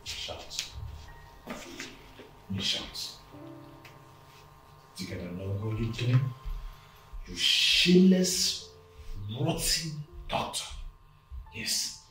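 An actor playing a spoiled, arrogant rich young man who bullies and shouts insults. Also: medium pitch, very animated, drawn-out words, pauses often, heavy reverb, distant mic, music in the background, low-quality recording. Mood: scornful. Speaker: boyfriend.

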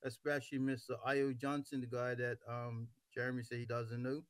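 Male talk host from Bermuda; measured, emphatic delivery; dry, close mic. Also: medium pitch, completely flat delivery, clear, resonant tone, dry recording. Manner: deliberate, emphatic, stretches words for stress. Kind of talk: casual talk show conversation.

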